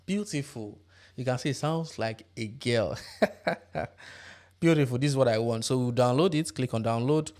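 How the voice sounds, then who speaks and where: A man hosting a tutorial, explaining software steps one by one and checking in with tag questions. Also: medium pitch, moderate pace, long pauses. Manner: step-by-step instructive, tag questions. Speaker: tutorial host. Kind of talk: screen-recorded software tutorial.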